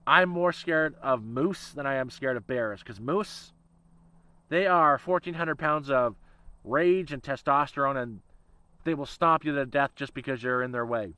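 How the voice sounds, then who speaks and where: A man's voice: mid-range voice, unhurried, pushed and bright, clear, resonant tone, no echo, poor audio. A man rambling in a casual livestream chat, swearing freely and laughing often. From Canada. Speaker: channel host.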